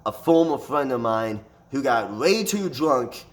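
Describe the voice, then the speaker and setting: A man's voice: mid-range voice, unhurried. A man telling a fight story in a casual storytime monologue, swearing constantly and rambling with restarts. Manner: profane, animated retelling with frequent swearing.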